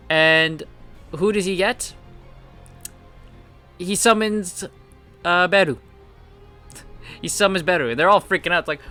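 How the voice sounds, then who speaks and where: A young man walks through comic chapters in a loose, chatty recap, dropping fillers and bouncing his pitch to act out the characters. His voice sits a little high and sounds bright and forceful. Faint music plays underneath. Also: moderate pace, long pauses. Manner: animated retelling with frequent fillers, acting out quotes in different pitches. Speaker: manhwa reviewer.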